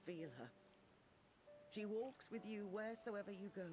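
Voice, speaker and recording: A man's voice: high voice, unhurried, over music. A tender, proud father. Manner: gentle, heartfelt. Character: loving middle-aged father, proud and tender. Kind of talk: game cutscene voice acting.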